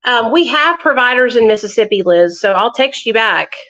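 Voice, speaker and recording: A woman's voice: fairly high pitch, lively intonation, moderate pace, fairly bright tone, dull audio. Chatty woman on a phone livestream. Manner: chatty, talks straight to viewers, swears freely. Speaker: livestream host. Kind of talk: casual live chat.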